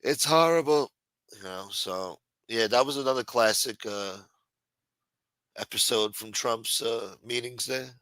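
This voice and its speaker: A man's voice: fairly low pitch, measured pace, sharp tone, no room sound. A man hosting a casual live stream, rambling and swearing, reading chat aloud and acting out quotes in a raised voice.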